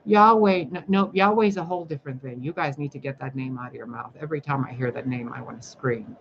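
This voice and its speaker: A woman's voice: very deep voice, quick pace, highs cut off, noisy background. A woman livestreaming a blunt, sarcastic monologue, scolding her viewers and swearing freely. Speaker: spiritual livestreamer.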